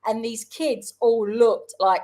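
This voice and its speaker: A woman from South London with a London accent, chatting as co-host of a casual talk show. Her voice sits a bit on the high side, and she tells her stories in an animated way with quick asides. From South London, England. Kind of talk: casual chat.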